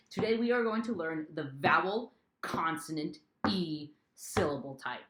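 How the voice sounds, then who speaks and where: A woman's voice: deep voice, expressive, a little slow, hardly any pauses, a bit bright, reverberant. A young woman teaching an online reading lesson to children in an upbeat, playful way, singing a few phrases.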